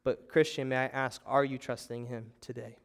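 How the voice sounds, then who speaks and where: A man's voice: mid-range voice, level tone, normal speed. A young adult man preaching a sermon as pastor, telling the story with animation and acting out panicked voices. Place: church sanctuary.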